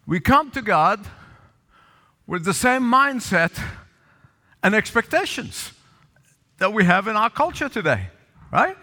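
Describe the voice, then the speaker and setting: A man's voice: sits high, big pitch swings, slow, long pauses, sharp tone, in a large hall. A male pastor preaching a sermon, calling for responses from the congregation and repeating lines for emphasis. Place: church sanctuary with balcony.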